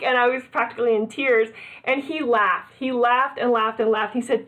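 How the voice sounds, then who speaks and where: Middle-aged woman telling a funny story as a guest, laughs a lot, voice on the high side. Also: moderate pace. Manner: lively anecdotal telling, laughs often. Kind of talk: storytelling in a casual interview.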